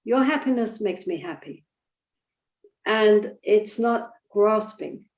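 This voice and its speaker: An older woman, a Buddhist teacher, answering questions in a gentle, thoughtful way, often pausing with "you know". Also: mid-range voice, echoey room. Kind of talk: reflective spiritual teaching.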